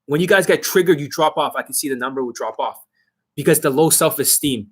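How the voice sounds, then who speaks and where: A man's voice: fairly high pitch, fairly quick, fairly bright tone, husky. A man working as a dating coach, ranting aggressively and profanely on a livestream.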